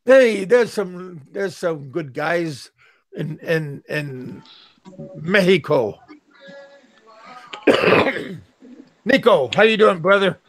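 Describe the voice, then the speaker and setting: A middle-aged man hosts a casual live stream, talking slowly and haltingly, stumbling over and repeating his words. His voice sits a little high for a man, and the sound is dry and close with no room around it. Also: expressive, no room sound. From USA. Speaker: streamer host.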